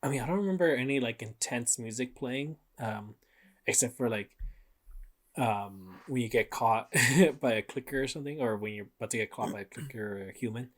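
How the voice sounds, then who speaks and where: This time the podcast co-host speaks at medium pitch and a fairly quick pace. He chats casually and loosely, wandering off topic with plenty of fillers and profanity.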